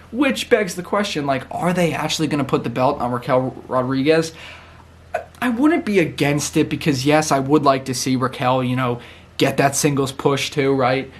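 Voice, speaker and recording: A man with a fairly high voice gives a casual recap of a wrestling show. He's chatty and excitable, laughing often and acting out what people said.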